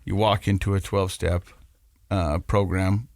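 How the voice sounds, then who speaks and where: A man hosts a podcast interview, recapping the story casually before he asks. His voice sits fairly low. The recording is dry and close. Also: flat delivery, measured pace, vocal fry, a little mellow, no room sound. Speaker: podcast host. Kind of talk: interview questions.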